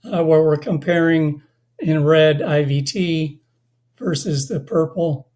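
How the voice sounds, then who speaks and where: A presenter giving a technical webinar, slightly hoarse from losing their voice, talking in a halting way with many fillers and restarts. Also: mid-range voice, fairly even intonation, darkish tone. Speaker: company presenter.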